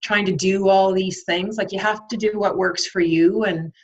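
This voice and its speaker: A woman's voice: mid-range voice, steady tone, moderate pace. A woman guest in an interview, speaking reflectively about self-care, with many ums and likes. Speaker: guest, nurse. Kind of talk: conversational interview. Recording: dull lo-fi sound.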